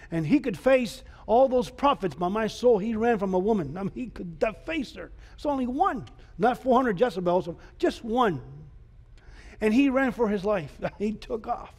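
A man, a pastor, preaching a sermon emphatically, repeating rhetorical questions and moving between loud calls and soft asides. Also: sits high, lively intonation, a little slow.

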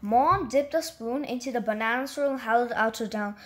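Amateur storybook reader, a woman, fairly high voice, halting delivery with restarts. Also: a bit bright. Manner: unpolished reading with stumbles and restarts. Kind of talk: read-aloud storybook narration.

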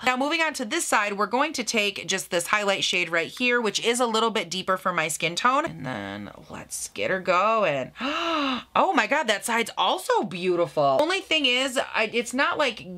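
Bright-voiced gushing woman beauty vlogger. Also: medium pitch, very animated, moderate pace, hardly any pauses. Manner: gushing and sassy, lots of laughs and gasps. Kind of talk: makeup review vlog.

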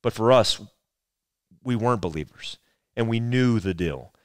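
A man's voice: medium pitch, animated, unhurried, clean tone, no room sound, clean studio sound. A man in his forties, a former soldier, telling a rambling, profane story as a podcast guest. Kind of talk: casual storytelling conversation.

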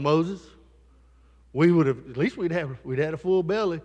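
A man's voice: fairly high pitch, lively intonation, normal speed, a little mellow, husky, long reverb tail. A male pastor preaching a sermon in a conversational style, with asides to the congregation in a church sanctuary.

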